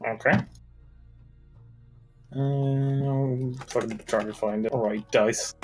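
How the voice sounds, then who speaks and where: Relaxed joking man at a game table. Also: medium pitch, slow pace, faint music behind. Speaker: player. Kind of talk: casual tabletop play.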